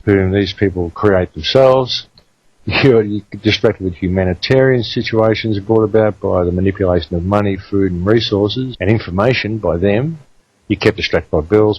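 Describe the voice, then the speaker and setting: A man's voice: sits low, slightly rough, dry recording, dull audio. A man with an Australian accent hosting a talk radio show, speaking emphatically to his listeners. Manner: emphatic, addresses listeners as folks.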